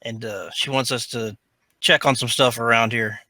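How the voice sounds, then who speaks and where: A man talks through his turn in a tabletop game in a laid-back, plain way. His voice is bright, and the sound is dry and close. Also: mid-range voice, steady tone, moderate pace, no echo. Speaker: player. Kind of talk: casual tabletop play.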